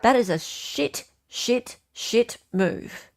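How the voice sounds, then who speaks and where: A woman's voice: fairly high pitch, animated, extremely slow, gravelly. An Australian woman hosting a casual livestream, chatting with viewers, reading their comments, and ranting freely. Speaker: livestream host.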